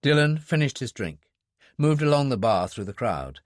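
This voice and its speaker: A man narrating a thriller audiobook in a steady, expressive storytelling voice. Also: medium pitch, normal speed, no echo, studio quality. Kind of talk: scripted narration.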